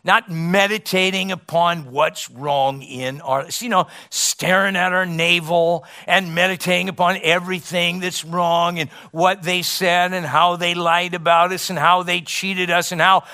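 A middle-aged man preaching a sermon as pastor, emphatic, with rhetorical questions and dramatic pauses. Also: high voice, steady tone, pushed and bright.

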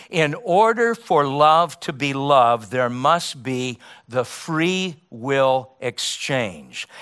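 A middle-aged man preaching a sermon as pastor, emphatic, with rhetorical questions and dramatic pauses. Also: a little high, bright, forceful tone, smooth.

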